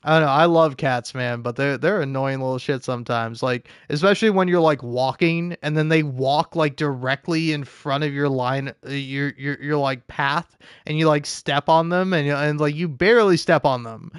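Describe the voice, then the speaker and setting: A man's voice: fairly high pitch, moderate pace, clear, resonant tone, no room sound, clean studio sound. A man live streaming, talking in a casual, rambling, profane and self-deprecating way, often laughing.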